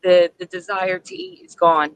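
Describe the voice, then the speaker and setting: A woman speaking as a guest on a live-stream chat, halting and soft-spoken, often restarting her sentences. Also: fairly low pitch, steady tone, clean tone, no echo, rough recording.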